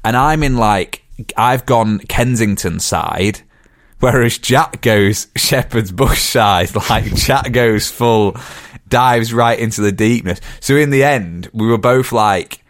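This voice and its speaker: A low-voiced man, chatting on a podcast and rambling through his story. His voice sounds close and dry, with no room around it. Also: takes it slowly, no room sound. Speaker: podcast co-host. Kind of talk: casual chat.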